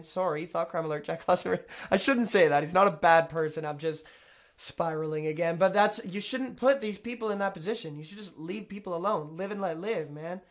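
A man with a higher-than-usual voice talks over a clip in a loose, rambling way. He interrupts himself, backtracks and drops sarcastic asides. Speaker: commentator reacting to a video. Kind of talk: casual reaction commentary.

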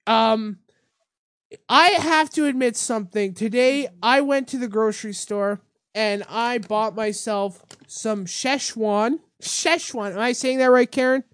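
A woman's voice: on the high side, a little slow, a bit bright, clear, resonant tone, dry recording, studio quality. A young woman hosting a mock talk-radio show, ranting in fake outrage and swearing.

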